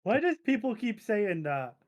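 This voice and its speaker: Man voicing big dopey male orc brute, simple childlike speech, high lively pitch, slightly off-mic. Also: normal speed. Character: big, dim-witted male orcish brute warrior.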